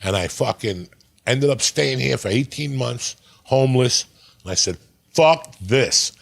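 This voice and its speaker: Gravelly New man telling stories. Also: mid-range voice, moderate pace. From New Jersey. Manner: profane, animated storyteller. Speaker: podcast guest. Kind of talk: casual storytelling.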